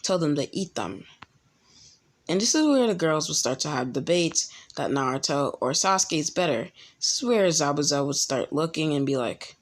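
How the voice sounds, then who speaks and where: A young woman casually telling a fan-made story, halting often with ums and restarts. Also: sits low, expressive.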